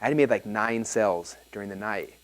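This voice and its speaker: This seminar presenter speaks a little fast in a fairly low voice, energetically and casually relating a story to a live audience with frequent "like" fillers.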